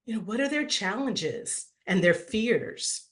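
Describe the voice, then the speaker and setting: A middle-aged woman giving a playful, animated webinar talk on branding, acting out quoted voices and laughing often. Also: medium pitch, slow. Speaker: branding speaker at an online summit. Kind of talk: lively webinar presentation.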